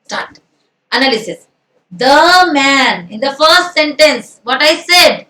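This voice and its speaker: Indian woman teacher, high voice, a step back from the mic in an echoey room, quizzes and answers herself. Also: animated, slow pace, sharp tone, recorded from a distance. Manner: asks and answers own questions, mixes in Hindi. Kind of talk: grammar lesson.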